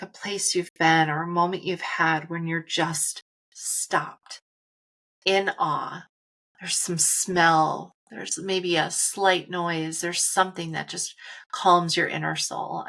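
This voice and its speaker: A woman co-hosting a spiritual podcast, speaking in a calm, reflective, guiding way. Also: fairly low pitch, gravelly. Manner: calm, guiding, slows down for stillness. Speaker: podcast co-host.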